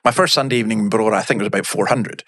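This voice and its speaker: A man's voice: lowish voice, rapid-fire, no room sound, clean studio sound. A middle-aged man, a minister telling blunt, emphatic stories as a podcast guest. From Scotland. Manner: lively anecdotal storyteller, blunt and emphatic. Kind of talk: storytelling in a podcast interview.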